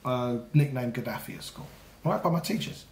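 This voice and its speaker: A man's voice: mid-range voice, lively intonation, a little fast. A man, telling a story in a casual podcast chat and acting out the voices in his quotes. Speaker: podcast co-host. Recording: echoey room.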